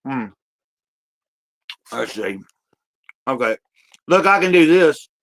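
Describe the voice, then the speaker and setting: A man's voice: mid-range voice, expressive, takes it slowly, a bit bright, poor audio. A man hosting a casual livestream from home, rambling and restarting his sentences, with many fillers and the odd cough. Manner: talks while eating, occasional coughs. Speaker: livestream host.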